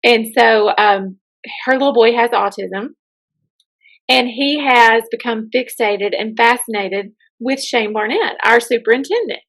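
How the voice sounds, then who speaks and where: A woman's voice: on the high side, gravelly, a bit bright. A woman in her thirties co-hosting a podcast, chatting casually and telling stories. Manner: chatty storyteller. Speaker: podcast co-host. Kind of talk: casual chat.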